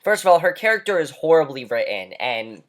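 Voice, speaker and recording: A man's voice: fairly high pitch, sing-song, fairly quick. A man ranting through a movie review, heated, blunt and emphatic, swearing now and then.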